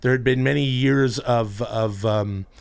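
A man's voice: mid-range voice, fairly even intonation, measured pace, gravelly, clear, resonant tone. A man, a podcast guest, chatting casually and telling a rambling story, acting out the people he quotes in a raised voice. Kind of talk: casual chat. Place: Los Angeles.

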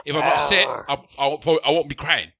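A man in casual group chat, quick and argumentative, often laughing. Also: a little high, flat delivery, gravelly, bright, forceful tone, no room sound, clean studio sound.

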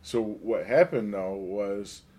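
A man's voice: on the low side, takes it slowly, warm tone, breathy edge. A man co-hosting a casual podcast chat in a comic shop, explaining things in a matter-of-fact way. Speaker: podcast co-host.

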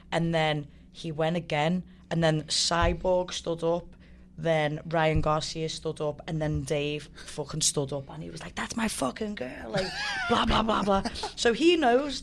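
A low-voiced woman comes through with a little hiss or hum on the recording. The guest fighter recounts a story in an energetic, casual way, swearing freely and acting out quotes from others.

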